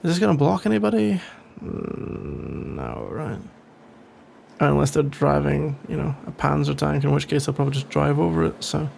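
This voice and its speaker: A man playing a sarcastic young male office rival in an ASMR role-play, speaking in a dry, grumbling way with a gravelly voice. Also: fairly high pitch, big pitch swings, moderate pace, darkish tone, a little hiss or hum, exaggerated voice.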